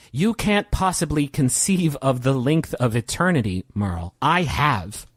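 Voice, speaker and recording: Brooding, bleak immortal voiced by a man, slow and musing, dry close sound. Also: on the high side, dry recording, pitched above the performer's own voice. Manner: slow, musing monologue with halting restarts. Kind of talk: in-character role-play.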